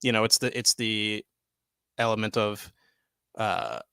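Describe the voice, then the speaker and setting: A young man co-hosting a podcast, chatting loosely and excitedly, swearing freely and filling with "like" and "dude". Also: lowish voice, unhurried, clean tone, no echo. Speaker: podcast co-host. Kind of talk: casual chat. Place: home studio, live stream.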